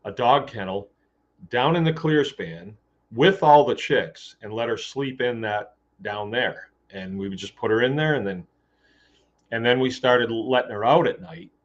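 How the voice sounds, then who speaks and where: A man hosting a podcast, telling a story in a loose, rambling way with fillers and restarts. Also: medium pitch. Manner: rambling, with many fillers and restarts, acting out quoted dialogue. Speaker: podcast host. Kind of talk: casual storytelling monologue. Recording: dull lo-fi sound.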